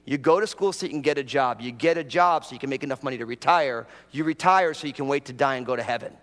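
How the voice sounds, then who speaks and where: A man's voice: medium pitch, fast talker, a bit bright, in a large hall. A man preaching a sermon as pastor, talking casually and drawing the congregation in with prompts and jokes.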